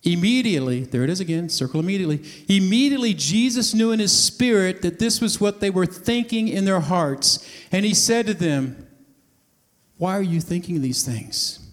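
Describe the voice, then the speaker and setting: A man with a high voice preaches to a congregation, telling a story and slipping into the voices of its characters as he goes. His words ring out with a long reverb, the sound of a large hall. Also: animated, a little fast. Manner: storytelling, acting out voices of the scene. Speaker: pastor. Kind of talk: sermon.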